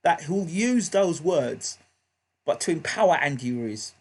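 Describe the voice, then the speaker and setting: A man's voice: a little high, big pitch swings, measured pace, breathy edge. A man hosting a live boxing reaction stream, talking in an emphatic way and hammering points home through repetition. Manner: emphatic, repeats points heatedly. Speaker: boxing show host.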